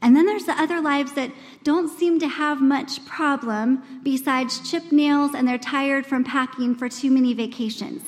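A woman in her forties preaching at a women's church gathering, earnest and conversational, acting out quoted voices with big swings in pitch. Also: normal speed, hardly any pauses. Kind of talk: sermon. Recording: long hall reverb.

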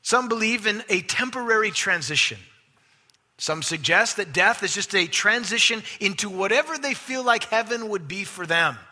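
A man preaching a sermon as pastor, emphatic, swinging from loud stresses to hushed asides. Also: high voice, expressive, moderate pace. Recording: long hall reverb.

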